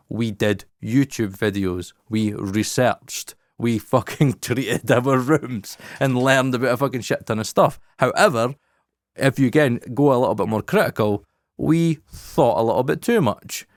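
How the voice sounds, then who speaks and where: A man's voice: mid-range voice, no echo, clean studio sound. Sweary man talking shop. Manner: frank and emphatic, swears often. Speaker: podcast co-host. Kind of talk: casual chat.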